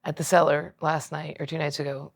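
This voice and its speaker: A woman's voice: sits low, flat delivery, brisk, gravelly, breathy edge, no echo, clean studio sound. A woman comedian on a podcast, rambling through crude anecdotes and acting out quotes. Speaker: comedian guest. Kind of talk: casual podcast chat, storytelling.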